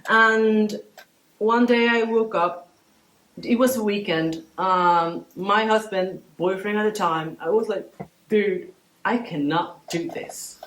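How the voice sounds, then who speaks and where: A woman in her thirties, a guest artist telling her story in a casual interview, animated and acting out the voices she quotes. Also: medium pitch, slow pace. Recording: roomy echo.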